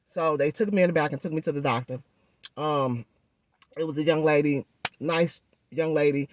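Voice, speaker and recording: A woman vlogger telling a story in a chatty, animated way, speaking through a swollen jaw and addressing viewers directly. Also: sits low, moderate pace, pauses often, background noise. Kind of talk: casual storytelling vlog.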